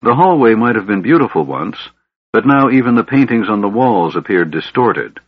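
A man reads fantasy prose aloud in a measured, somber manner. His voice is very deep and husky. The recording is dry and dull, like a lo-fi audiobook. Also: big pitch swings, no room sound. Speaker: audiobook narrator. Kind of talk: scripted narration.

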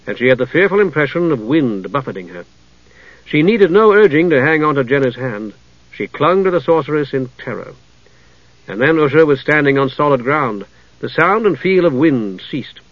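Brief: male audiobook narrator, measured, mid-pitched, dull lo-fi dry recording. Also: dry recording. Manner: measured storytelling. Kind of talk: scripted narration.

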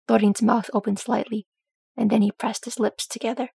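Woman reading an audiobook with a gravelly voice. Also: a little high, little pitch movement, moderate pace, warm tone, no room sound. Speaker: audiobook reader. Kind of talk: fan fiction audiobook narration.

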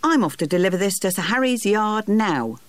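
A streetwise urchin lad, put on by a narrator, brisk and boastful. The voice is lifted higher and lively, recorded dry and close. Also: dry recording, natural voice. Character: shabby street urchin boy, cocky and proud.

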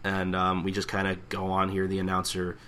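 A man's voice: sits low, completely flat delivery, fairly quick, a bit bright. A young man co-hosting a podcast, casually retelling a manga chapter and acting out the characters' lines in raised voices. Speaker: podcast co-host. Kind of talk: casual manga recap chat.

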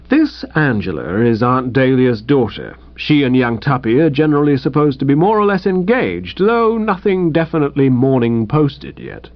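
Lively man narrating a comic audiobook. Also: medium pitch, dry recording, dull audio. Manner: brisk, lively and chatty.

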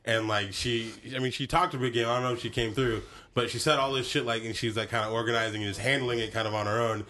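A man's voice: medium pitch, fairly even intonation, fast, pushed and bright. A young man hosting a podcast in casual chat, joking and rambling, swearing freely. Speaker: podcast host.

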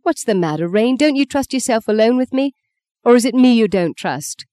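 A reader voicing Justine, a sharp-tongued, quick-tempered young actress, in an audiobook. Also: expressive, no room sound, clean studio sound, natural voice. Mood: teasing. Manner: high, indignant outbursts. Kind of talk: audiobook character voice.

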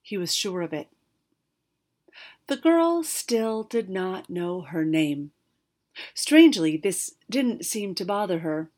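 A woman narrating a fantasy storybook aloud, expressive, with occasional slips and restarts. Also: on the low side, takes it slowly, pauses often.

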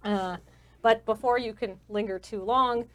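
Casual, slightly high-voiced woman game master. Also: fairly even intonation, a little slow, fairly bright tone. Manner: casual, descriptive, many fillers. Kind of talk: narrating a tabletop game.

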